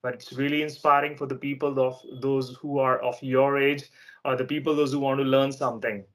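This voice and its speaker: A man's voice: mid-range voice, flat delivery, fairly quick, fairly bright tone. A man, a teacher from India chatting casually and asking patient, friendly questions, often laughing. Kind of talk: casual interview chat.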